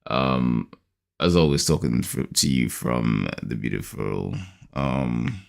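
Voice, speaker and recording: A man's voice: a bass voice, takes it slowly, gravelly. A man from the United Kingdom hosting a podcast in casual chat, rambling with lots of fillers, in a groggy morning voice. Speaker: podcast host.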